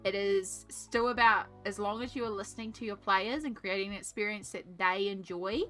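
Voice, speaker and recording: A woman's voice: mid-range voice, normal speed, sharp tone, soft background music. A young woman streaming from her art desk, chatting casually and thinking aloud while she colours, with rambling asides. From Australia. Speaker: artist and streamer.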